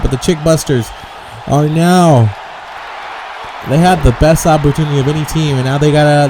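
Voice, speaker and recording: A man giving casual, rambling play-by-play for a wrestling video game, excitable and quick to correct himself. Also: a little high, background noise. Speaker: game commentator.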